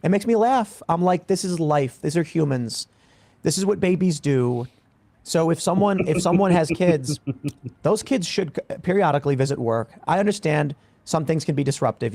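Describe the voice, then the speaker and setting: A man's voice: on the high side, darkish tone, no echo. A man chatting casually as a guest, earnest and rambling, stumbling over repeated words. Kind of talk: casual chat.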